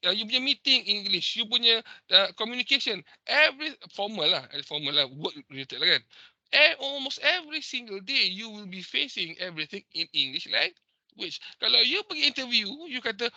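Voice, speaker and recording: Man, Malaysian accent, high voice, emphatic online lecture, dry video-call sound. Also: sing-song, a little fast, creaky, pushed and bright, dry recording. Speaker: teacher.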